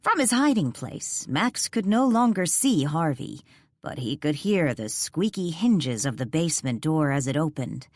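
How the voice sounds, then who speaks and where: A woman narrating a ghost mystery audiobook in a measured, suspenseful way on a close studio mic. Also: low-pitched, big pitch swings, a little mellow, no room sound. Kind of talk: scripted narration.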